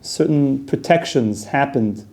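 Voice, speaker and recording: A man's voice: mid-range voice, slow pace, creaky, darkish tone. A man giving a casual, conversational Torah class, dropping Hebrew and Yiddish terms into plain talk. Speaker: yeshiva teacher.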